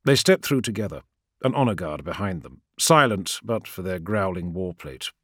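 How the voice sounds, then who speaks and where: Low guy narrating a story, lively ups and downs, dry close sound. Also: normal speed, husky, no room sound. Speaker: audiobook narrator. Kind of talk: scripted narration.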